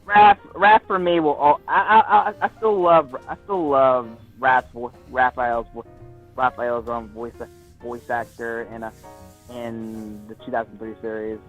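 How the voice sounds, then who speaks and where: Excitable man on a dull-sounding stream. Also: medium pitch, unhurried, soft background music. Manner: excited, stumbling restarts. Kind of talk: casual livestream chat. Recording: slightly dull lo-fi stream audio.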